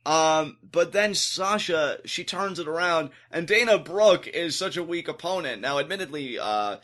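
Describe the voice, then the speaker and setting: A man co-hosting a podcast, talking through a wrestling show in casual, animated chat. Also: a little high, measured pace. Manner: animated, acts out quotes in exaggerated voices. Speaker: podcast co-host.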